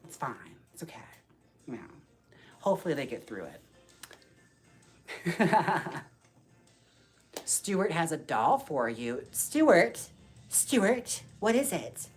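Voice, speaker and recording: A man hosting a casual live stream while styling dolls, talking to viewers by name in a campy, sassy way with quick jokes and frequent laughs. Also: a little high, sing-song, faint music behind. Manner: talks to viewers by name, reads chat aloud.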